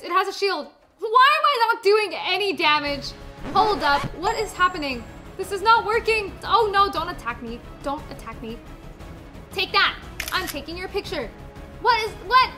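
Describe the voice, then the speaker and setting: A young woman hosting a gaming video, commentating excitedly and repeating her exclamations. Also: extremely high pitch, moderate pace. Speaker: gaming host. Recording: background music under voice.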